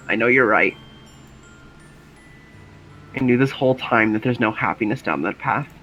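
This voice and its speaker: A man voicing a shy, fragile teenage girl with a crush, reading her lines in a halting, trembling way for a game playthrough. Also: medium pitch, sharp tone.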